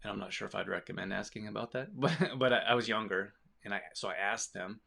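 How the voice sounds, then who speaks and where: Gravelly-voiced man rambling to camera. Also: on the low side, fast. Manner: rambling, many restarts, animated asides. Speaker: business owner. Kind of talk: casual rambling talk to camera.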